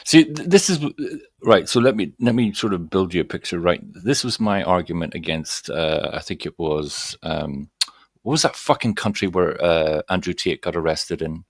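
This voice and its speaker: Brief: low-voiced man, chiming in casually. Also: normal speed, no room sound, studio quality. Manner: brief agreeing interjections. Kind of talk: casual chat.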